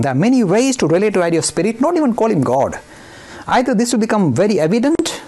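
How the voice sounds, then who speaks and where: A man's voice: fairly high pitch, a little mellow, breathy edge. A man giving an emphatic, provocative lecture on religion, full of anecdotes and self-aware jabs.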